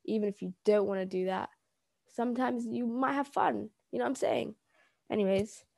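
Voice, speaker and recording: A woman's voice: a little high, normal speed, gravelly, mellow, dry recording. A young woman co-hosting a casual chat, rambling and giggly as she shares homemade quotes. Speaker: podcast co-host.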